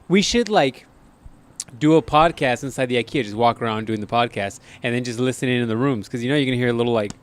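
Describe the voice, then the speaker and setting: A man's voice: mid-range voice, fast, background noise. A man co-hosting a podcast, chatting in loose, slangy banter and laughing often. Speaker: podcast co-host. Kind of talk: casual crude banter.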